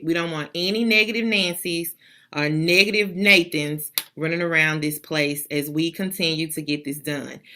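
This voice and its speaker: A woman's voice: deep voice, sharp tone. A woman school principal giving a motivational address to students and staff over a video call, emphatic and repetitive like a preacher.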